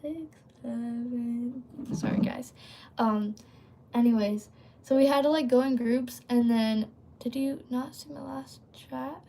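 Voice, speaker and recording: A woman's voice: on the high side, fairly even intonation, slow pace, mellow. Chatty rambling woman live-streaming. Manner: rambling, filler-heavy, often breaks off to read and answer chat. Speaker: livestream host. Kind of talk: casual livestream chat.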